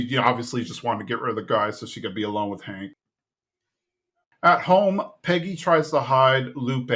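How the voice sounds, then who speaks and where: A man at a middle pitch retells a cartoon episode in easygoing podcast chat. He recites the characters' lines himself, his voice jumping up for the quotes. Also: a bit bright. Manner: retells scenes, acting out quotes in a raised voice. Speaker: podcast co-host recapping episodes. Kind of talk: casual recap chat.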